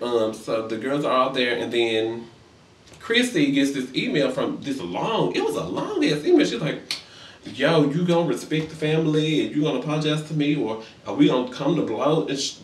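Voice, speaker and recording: A man giving a casual comedic recap of reality TV, sassy and profane, acting out the quotes in high voices. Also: far from the mic. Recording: roomy echo, a bit off-mic.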